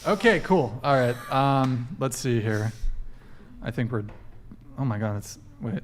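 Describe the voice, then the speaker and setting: A man hosting a live podcast, teasing his guest with laughing, halting, stop-start chat. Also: mid-range voice, expressive, slight background noise. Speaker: podcast host. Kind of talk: casual live-stream chat.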